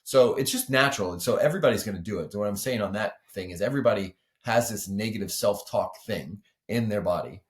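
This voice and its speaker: A low-voiced man talking as a guest on a podcast, a weightlifting coach. He explains things earnestly and casually, peppering his sentences with 'like' and 'you know'. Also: animated, fast talker, few pauses.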